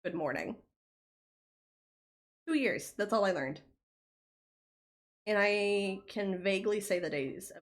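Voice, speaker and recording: A woman's voice: mid-range voice, measured pace, pauses often. A young American woman with a light Southern accent, chatting casually with her viewers on a livestream in a rambling way full of fillers. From United States.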